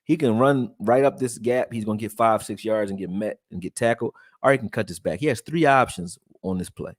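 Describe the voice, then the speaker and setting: A man from Texas, raised in Philadelphia, breaking down football film and reading chat on a live stream in a loose, profane, animated way. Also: on the low side, a little fast, no echo, studio quality. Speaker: sports commentary streamer.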